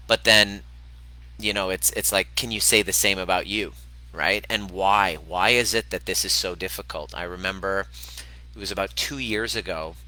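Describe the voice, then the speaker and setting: A man's voice: low-pitched, steady tone, normal speed, bright, forceful tone, rough recording. A man hosting a casual livestream, speaking candidly and emphatically, swearing freely and repeating points to drive them home. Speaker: host of a livestream on self-love and healing.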